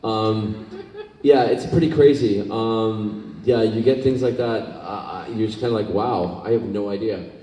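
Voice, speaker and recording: A man's voice: fairly low pitch, unhurried, mellow. Scottish-born man telling stories in an echoey hall. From Scotland. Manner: rambling, emotional, many fillers. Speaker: convention guest actor. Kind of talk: convention panel storytelling. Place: convention hall. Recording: echoey hall, distant mic.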